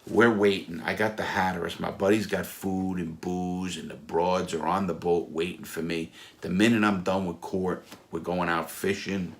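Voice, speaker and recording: Gravelly low-voiced man telling stories. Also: moderate pace, a little hiss or hum. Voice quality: blunt, profane, animated storytelling. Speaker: storyteller recounting his past. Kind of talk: casual spoken anecdote. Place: Florida.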